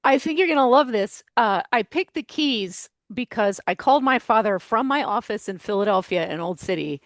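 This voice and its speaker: A woman from central Pennsylvania with a Pennsylvania accent, a guest telling lively stories in a casual interview. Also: on the high side, normal speed, no room sound. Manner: lively storytelling, laughs often. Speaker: guest, consultant.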